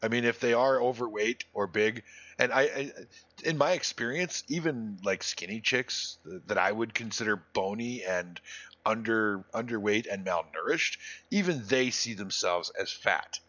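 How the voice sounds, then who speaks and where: A low-voiced man talks crudely and bluntly while live-streaming a game, often restarting his sentences. His voice is bright and forceful, and the stream audio sounds dull and lo-fi. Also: normal speed. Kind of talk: casual live-stream gaming chat.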